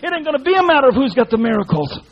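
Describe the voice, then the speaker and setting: A man's voice: very high voice, sing-song, racing, creaky. A man preaching a sermon in a fiery, folksy way, full of colloquial speech. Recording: dull lo-fi recording.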